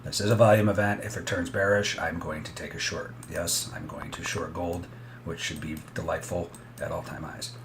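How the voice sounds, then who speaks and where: A man's voice: sits low, steady tone, normal speed, noisy background. A man giving casual, blunt commentary as he trades live and talks straight to his viewers.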